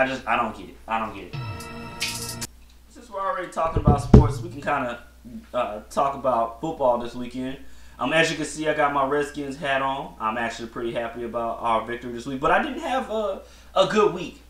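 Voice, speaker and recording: A man's voice: mid-range voice, a bit bright. A man hosting a solo podcast, giving blunt, slangy opinions in a rambling casual chat with many restarts. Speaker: podcast host. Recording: echoey room.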